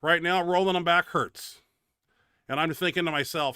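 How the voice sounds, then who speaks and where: A man's voice: a little high, steady tone, moderate pace, sharp tone, clear, resonant tone, dry recording, studio quality. A man hosting a bench press show, giving casual, blunt, profane commentary over his training footage. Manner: blunt and profane, grumbling about his own setback.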